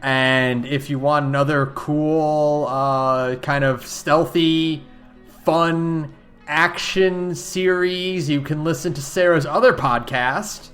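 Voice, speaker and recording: A man's voice: a little high, fairly even intonation, takes it slowly, fairly bright tone, soft background music. A man co-hosting a podcast in casual chat. He is laid-back and swears casually, with plenty of fillers. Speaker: podcast co-host.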